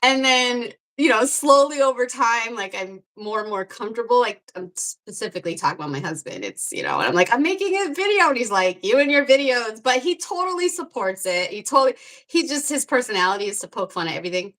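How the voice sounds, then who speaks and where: A woman's voice: medium pitch, big pitch swings, fairly quick, fairly bright tone. A woman guest on a livestream, chatting casually in a rambling way and laughing often. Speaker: guest, beauty creator. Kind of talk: casual live chat.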